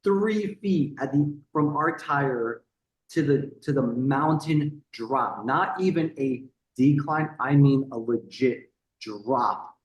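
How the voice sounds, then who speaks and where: A man on a podcast, telling a story in a casual, animated way. He swears freely, repeats words and acts out the people he quotes. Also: medium pitch, takes it slowly, reverberant, lo-fi sound. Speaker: podcast guest.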